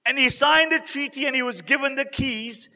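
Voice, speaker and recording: Male preacher, very high and bright voice, earnest dramatic storytelling, long reverb. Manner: earnest, dramatic retelling with emotional pauses. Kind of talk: storytelling sermon.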